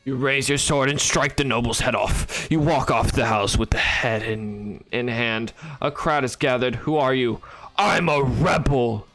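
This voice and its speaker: A man playing a text adventure game, reading its lines aloud and adding wry, deadpan comments on a close mic. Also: medium pitch, normal speed, few pauses, no echo, soft background music. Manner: wry, deadpan, bursts into laughter. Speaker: gaming YouTuber.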